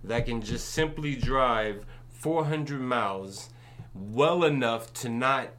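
A man co-hosting a comedy podcast, chatting casually and joking quickly. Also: mid-range voice, a bit bright. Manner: quick, joking, breaks into scat nonsense. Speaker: podcast co-host.

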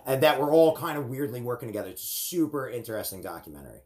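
A man's voice: medium pitch, sing-song, quick pace, a little mellow. Rambling, laid-back young man. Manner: rambling storyteller, swears casually, acts out quotes. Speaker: podcast host. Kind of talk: casual chat.

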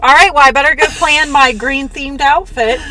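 Bright giggly woman podcast co-host. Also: sits high, moderate pace, slight background noise, low-quality recording. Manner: giggly, bubbly. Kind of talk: casual chat.

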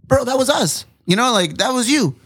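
Animated, cursing podcast host. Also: male voice, very high voice, fairly quick, breathy edge. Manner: animated, profane, repeats phrases for emphasis. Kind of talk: casual podcast chat.

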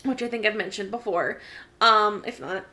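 Bright-voiced chatty woman. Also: medium pitch. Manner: chatty storyteller, quick laughs, acts out quotes. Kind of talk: casual chat.

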